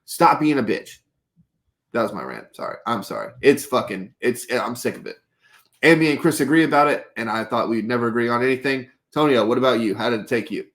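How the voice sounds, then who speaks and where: A man's voice: medium pitch, animated, brisk, a bit bright. A man co-hosting a sports podcast, talking in heated, profanity-laden rants. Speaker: podcast co-host. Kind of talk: casual sports chat, ranting.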